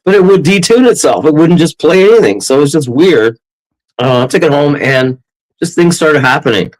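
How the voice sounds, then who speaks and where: A Canadian man telling a wild story as an interview guest, rambling and excitable, often breaking into laughs. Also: a little high, moderate pace, rough recording.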